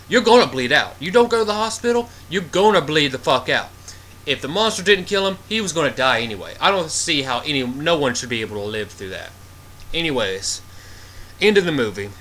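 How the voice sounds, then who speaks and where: A man's voice: fairly high pitch, pushed and bright. A man giving a casual, rambling movie review, exasperated and full of filler words.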